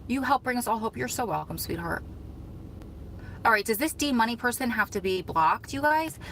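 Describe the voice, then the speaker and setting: Bright-voiced woman livestreaming from her car. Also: fairly high pitch, lively intonation, normal speed, a little hiss or hum, rough recording. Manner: chatty, warm reactions to comments. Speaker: livestream host reading viewer comments. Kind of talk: casual live chat. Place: parked car in a store parking lot. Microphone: phone.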